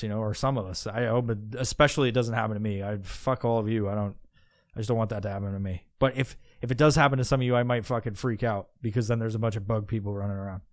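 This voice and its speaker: A man's voice: on the low side, dry recording, clean studio sound. A man hosting a podcast, musing aloud in a meandering, profane way, with many restarts and asides. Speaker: podcast host. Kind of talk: casual rambling monologue.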